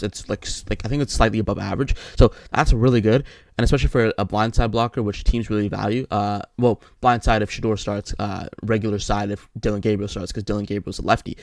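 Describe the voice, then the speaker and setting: Fast-talking low-voiced young man, rambling. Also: dry recording. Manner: rambling, repeats words and restarts often. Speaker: sports commentator. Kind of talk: casual solo mock draft commentary.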